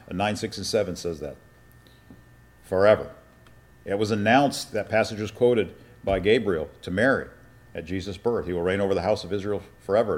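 A man's voice: on the low side, a little mellow. A man preaching a sermon and teaching from Scripture, asking his congregation questions and reading passages aloud. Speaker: pastor. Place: church or meeting room with an audience.

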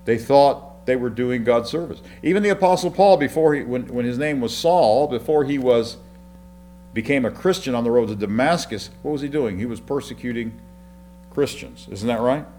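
A man's voice: medium pitch, moderate pace, warm tone, a little hiss or hum. A man preaching a sermon, teaching through Bible passages in a conversational way, with rhetorical questions and frequent restarts. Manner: repeats and restarts words while explaining.

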